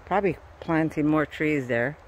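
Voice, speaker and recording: A woman's voice: sits low, moderate pace. Tired out-of-breath woman rambling on her phone in the woods, bit of outdoor hum. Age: middle-aged. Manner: rambling, breathy asides while walking. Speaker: vlogger. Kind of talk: casual walking vlog.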